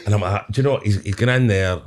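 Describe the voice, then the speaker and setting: Rambling Scottish man with a low voice. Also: racing. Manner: swearing, laughing, rambling with many asides. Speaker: guest comedian. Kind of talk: casual storytelling.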